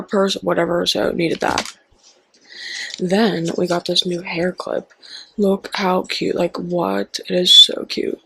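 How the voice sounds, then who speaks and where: A young woman chatting excitedly through a shopping haul at home, full of "like" and quick asides. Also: on the low side, creaky, a little hiss or hum, poor audio. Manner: chatty, excitable, with frequent "like" and "so we got her". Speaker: haul vlogger. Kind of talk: casual product haul chat.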